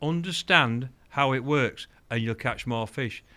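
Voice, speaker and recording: An older man, a guest telling fishing stories in an animated way, acting out the voices of the people he quotes. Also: medium pitch, unhurried. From England. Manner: animated, acts out quoted voices, laughs often. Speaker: guest, angling champion. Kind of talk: anecdotal storytelling.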